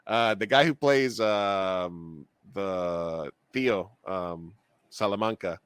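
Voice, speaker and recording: Man, low voice, casual podcast chat, rambling with fillers, dry close sound. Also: takes it slowly, clean tone, no echo. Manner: rambling, animated, frequent fillers and restarts. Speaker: podcast co-host.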